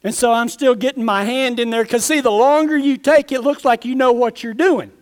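A high-pitched man preaching in a loose, folksy storytelling way. He is a pastor who rambles through a personal tale and acts out the voices of the people in it. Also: fairly even intonation, brisk. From Texas. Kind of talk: storytelling sermon with closing prayer.

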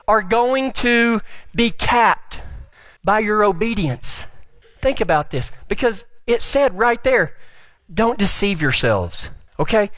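A man's voice: high voice, no echo. A man preaching a folksy, joking sermon as pastor. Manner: folksy, joking, builds to shouts.

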